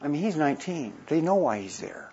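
A man in his fifties with a husky voice tells a long personal story with lively energy. He slips into the voices of the people he quotes. The recording is dull and lo-fi. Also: fairly high pitch, a little fast. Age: 50s. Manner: animated anecdote-telling, acting out quoted voices. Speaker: missionary. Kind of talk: storytelling talk.

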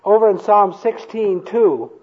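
A man preaching a sermon to a congregation, slow and emphatic, having them repeat lines after him. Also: sits high, lively intonation, husky, muffled recording. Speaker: pastor. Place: church hall before a congregation.

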